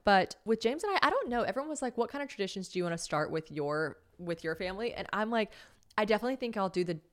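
A woman's voice: mid-range voice, big pitch swings, quick pace. A woman in her thirties hosting a podcast, chatting casually and rambling, with frequent laughs. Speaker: podcast host. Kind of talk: casual chat.

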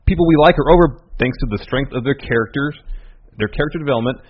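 Husky guy co-hosting a podcast, steady and methodical, muffled lo-fi sound. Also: medium pitch, quick pace. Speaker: podcast co-host. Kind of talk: casual debate chat.

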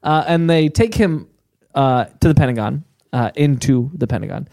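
A man's voice: medium pitch, lively intonation, normal speed, creaky, mellow, dry recording. A man co-hosting a comedy podcast, telling the story and laughing often as he goes.

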